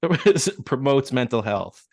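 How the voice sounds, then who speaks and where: A man's voice: mid-range voice, sing-song, unhurried, creaky, a little mellow, no room sound, studio quality. A man co-hosting a movie podcast, playful and giggly, with many fillers. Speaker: podcast co-host. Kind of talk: casual movie chat.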